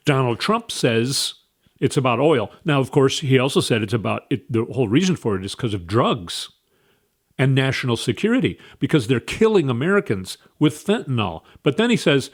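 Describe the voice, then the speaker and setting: A man's voice: mid-range voice, expressive, moderate pace. A man giving a casual political opinion monologue, scornful and opinionated, with wandering asides. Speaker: political commentator.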